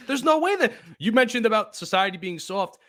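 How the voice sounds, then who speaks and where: A young man co-hosting a podcast, chatting casually, getting excitable and emphatic and laughing easily. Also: high-pitched, normal speed. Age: young adult. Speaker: podcast co-host. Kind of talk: casual chat.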